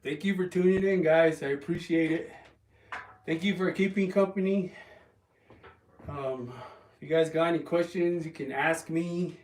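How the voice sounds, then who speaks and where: Man, casual livestream chatter, rambly with restarts, slightly high voice, roomy and off-mic. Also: a little mellow, a little hiss or hum. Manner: rambling, halting with ums and restarts. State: resting an injured calf. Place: home, lifting weights while streaming. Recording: roomy, from a distance.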